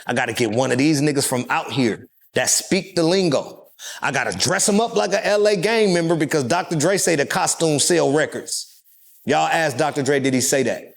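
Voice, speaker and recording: A man from California, telling stories as an interview guest, profane and animated, acting out other people's voices. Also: fairly high pitch, normal speed, gravelly. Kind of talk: casual storytelling.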